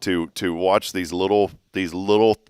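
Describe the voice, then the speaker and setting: A man in his thirties chatting casually as a show host, telling a family story with lively laughs. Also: low voice, unhurried, clean tone, dry recording. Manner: storytelling, animated, laughs often. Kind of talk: casual chat.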